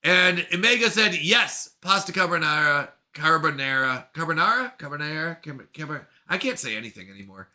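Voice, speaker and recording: Bright-voiced, playful male streamer. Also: a little high, expressive, moderate pace, few pauses. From Canada. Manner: playful, chatty, reads chat messages aloud, jokes about pronunciation. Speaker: live streamer reading chat. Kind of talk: casual live-stream chat.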